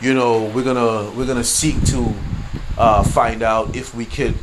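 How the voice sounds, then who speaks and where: A man's voice: mid-range voice, fairly even intonation, unhurried, noisy background. A man hosting his own podcast, ranting casually, swearing freely and tagging lines with "you know what I mean". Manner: laughs through stories. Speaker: podcast host. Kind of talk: casual solo rant.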